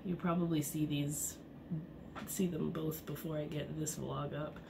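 Her low, flat voice has vocal fry and a cold-clogged sound as she vlogs from home, moving a little slowly. She's a woman in her thirties, chatty and rambling, laughing often and leaning on fillers. Noise from the home setting is audible.

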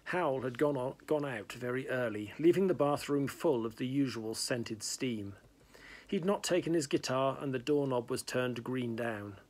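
A man's voice: mid-range voice, normal speed, a little mellow. A man reading a novel aloud in plain narration, with small slips and restarts. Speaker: reader.

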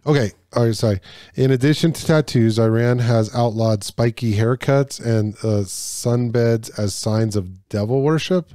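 A man's voice: mid-range voice, unhurried, dark tone, no echo, studio quality. A man hosting a casual podcast, reading trivia questions aloud in a loose, joking way with stumbles and swearing.

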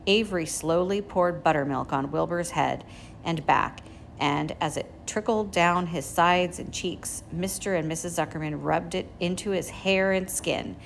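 A woman teacher reads a children's book aloud in a gentle, measured voice. Her voice is low with a gravelly edge, and a faint hiss sits under the recording. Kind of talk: storybook read-aloud.

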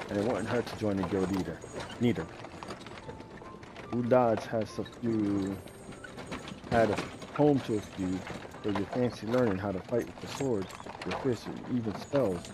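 A man's voice: fairly low pitch, noisy background, natural voice. Man doing a chatty old peddler. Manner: reads aloud with a put-on rustic accent, stumbling at times. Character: chatty old male peddler, folksy and talkative. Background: game music.

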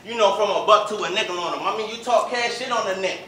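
Aggressive bright-voiced battle rapper. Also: male voice, high voice, fast. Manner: aggressive, boastful delivery. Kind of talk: battle rap performance. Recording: roomy echo, distant mic, faint noise.

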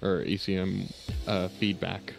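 A man streaming a co-op heist game, giving quick tactical instructions and joking at himself. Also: sits low, completely flat delivery, creaky, faint music behind. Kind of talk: casual gaming chat.

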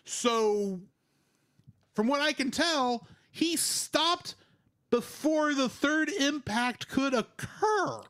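A man's voice: extremely high pitch, lively intonation, extremely slow, a bit bright. A man co-hosting a podcast, asking questions and reasoning aloud through a plot point. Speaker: podcast co-host. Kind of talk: casual podcast discussion.

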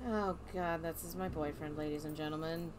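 A woman's voice: sits low, steady tone, fairly quick. A young woman streaming a game, chatting casually and teasing with playful laughs and silly voices. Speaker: streamer playing a hospital game. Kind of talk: casual gaming chat.

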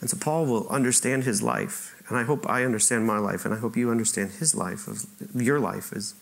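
A man's voice: mid-range voice, fairly quick, creaky. A man preaching a sermon to his church, talking conversationally, often repeating words as he restarts and asking the congregation questions. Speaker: pastor. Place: church auditorium.

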